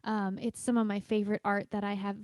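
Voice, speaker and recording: A woman singer-songwriter eagerly introducing a song she wrote, in an excited, chatty way. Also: mid-range voice, a little fast, no room sound, studio quality. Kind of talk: introducing her own song.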